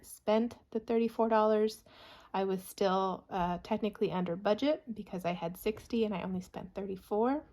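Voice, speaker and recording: A young woman with a mid-range voice talks through her expenses in a casual vlog. She runs through the figures quickly and keeps reassuring herself along the way. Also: medium pitch, a little mellow. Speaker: budgeting vlogger. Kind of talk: casual spoken budget review.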